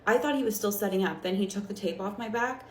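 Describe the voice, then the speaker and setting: While doing her makeup, a young woman vlogger tells a casual storytime, chatty and animated and packed with fillers. She talks quickly at a medium pitch, in a roomy space with faint background noise.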